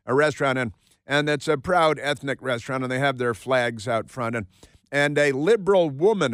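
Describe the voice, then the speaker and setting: A man's voice: a little high, smooth, no room sound. A man hosting a talk radio show, delivering a mocking, sarcastic monologue with lots of repetition and asides from a studio. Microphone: studio microphone.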